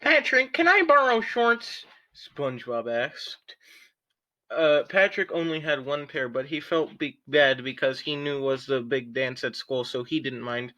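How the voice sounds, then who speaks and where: A man's voice: medium pitch, steady tone, a little slow, a bit bright. A young man casually reading a story aloud with friends, joking and giggling.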